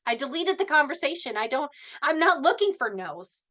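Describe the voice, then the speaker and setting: A middle-aged woman speaking at a team meeting, animated and passionate, laughing often as she talks. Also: high voice, normal speed. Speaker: network marketing team member.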